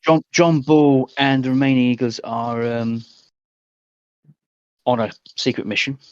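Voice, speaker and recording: A man's voice: mid-range voice, measured pace, smooth, no echo, voice pushed up, natural voice. A man voicing a formal computer intelligence. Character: male digital being trapped in a computer, formal. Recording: dry, slightly dull voice call.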